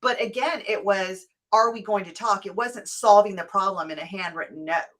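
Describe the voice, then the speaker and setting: A woman's voice: mid-range voice, moderate pace, a bit bright. A woman co-hosting a casual talk show, chatting in a reflective way and recalling stories from childhood. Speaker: co-host.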